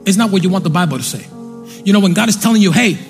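A man preaching a fervent, repetitive sermon from a church stage, breaking into sung and shouted lines. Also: high-pitched, animated, racing, faint music behind.

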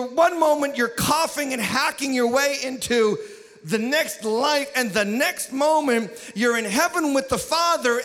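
A man preaching a sermon as lead pastor, telling the story with jokes and sudden shouts. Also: very high-pitched. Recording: long hall reverb.

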